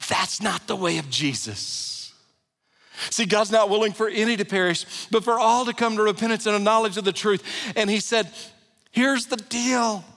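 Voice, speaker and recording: A man preaching a sermon as pastor, earnest, dropping to a hushed, low voice for prayers, in a large church sanctuary. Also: normal speed. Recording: long reverb of a large hall.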